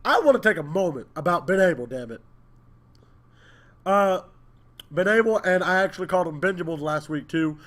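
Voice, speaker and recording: A young man co-hosting a wrestling podcast in casual chat, excitable and teasing, cutting in with short repeated interjections. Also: fairly high pitch, normal speed. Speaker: podcast co-host.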